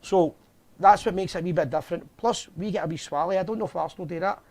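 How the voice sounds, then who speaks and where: Fast-talking Scottish man hosting. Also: high voice, darkish tone. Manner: chatty, jokey, fast banter. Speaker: host of a fan live show. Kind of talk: casual chat.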